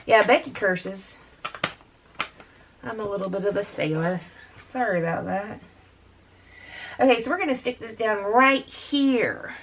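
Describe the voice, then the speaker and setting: A woman's voice: medium pitch, fairly bright tone, a little hiss or hum. A woman hosting a scrapbooking video at home, chatting casually and rambling as she works, often calling viewers "dude". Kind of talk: casual chat while crafting. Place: home craft room with door open.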